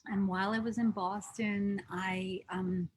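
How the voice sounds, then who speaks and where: A woman's voice: mid-range voice, flat delivery, a little slow, a little hiss or hum. A woman from New Jersey, an interview guest, telling her life story in an earnest, reflective way. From New Jersey, USA. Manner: reflective, earnest, with frequent restarts. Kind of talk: conversational storytelling.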